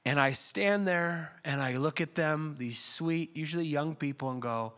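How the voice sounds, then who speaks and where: A man, a pastor, preaching a conversational sermon with self-deprecating, animated asides. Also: on the high side, unhurried, smooth.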